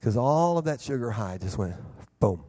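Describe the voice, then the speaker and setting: A middle-aged man preaching a sermon, telling stories with lively sound effects and restarts. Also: mid-range voice, moderate pace. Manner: animated storyteller who acts out scenes with vocal sound effects; repeats and restarts words in bursts. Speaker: pastor. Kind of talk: sermon with storytelling.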